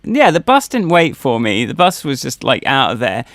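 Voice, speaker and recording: A man's voice: medium pitch, wildly swooping pitch, normal speed, a bit bright. A man co-hosting a podcast, telling personal stories in casual chat, rambling with many fillers and restarts. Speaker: podcast co-host.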